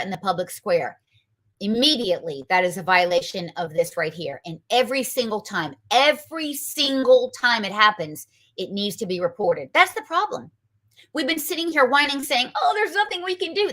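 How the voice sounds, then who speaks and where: A woman hosts a political commentary show, talking in an emphatic, combative way. She keeps throwing rhetorical questions at her listeners. Her voice is bright and sharp, sitting at an ordinary pitch for a woman. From North Carolina, US.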